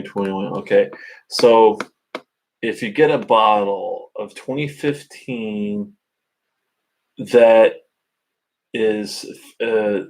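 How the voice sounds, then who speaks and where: Low-voiced man musing on a live stream. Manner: halting, thinking aloud with many fillers and restarts. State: hiccups. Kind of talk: casual live-stream chat. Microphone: webcam.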